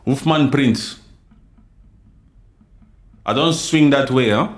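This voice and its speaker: A man from the DR Congo hosts a livestream with heated commentary. His talk is forceful and full of repetition, and he speaks straight to the people in his chat. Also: medium pitch, slow. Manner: forceful, repetitive, addresses chat viewers directly. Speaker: livestream host.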